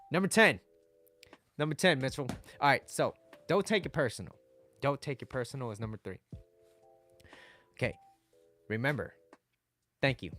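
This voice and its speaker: A man's voice: mid-range voice, expressive, normal speed, pauses often, a bit bright, soft background music. A man giving casual dating advice to his viewers, blunt and swearing, reading their chat comments aloud.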